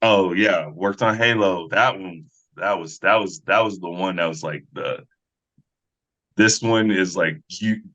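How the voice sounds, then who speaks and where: Man, 30s, actor guest, deep voice, relaxed storyteller, dull lo-fi audio. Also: measured pace. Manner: relaxed storyteller who acts out other voices. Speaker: actor and fight coordinator. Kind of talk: casual podcast interview. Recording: slightly dull lo-fi sound.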